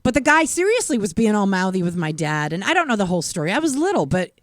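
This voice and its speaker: A woman's voice: mid-range voice, big pitch swings, fast talker. A middle-aged woman telling family stories on a live stream, slipping in little acted-out voices and laughing along the way. Her voice swings up and down freely. The sound is dry and close, with no room echo. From Massachusetts. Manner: chatty storyteller, acts out voices, laughs often. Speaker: co-host. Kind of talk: casual live-stream chat.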